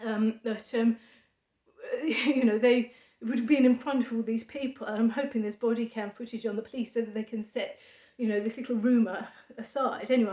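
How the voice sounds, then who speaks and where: A woman talking to camera in a halting monologue of dry sarcasm, full of fillers. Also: on the high side, darkish tone. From United Kingdom. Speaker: vlogger. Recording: echoey room.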